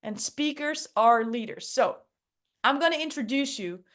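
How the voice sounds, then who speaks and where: Casting: upbeat, emphatic woman hosting a workshop, mid-high voice. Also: animated, unhurried. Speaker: workshop host. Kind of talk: online workshop teaching.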